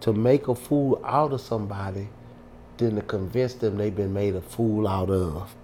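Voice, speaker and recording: A man voicing a wise old neighborhood man who speaks slowly and sternly, giving a lesson. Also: lowish voice, mellow, slight background noise, natural voice.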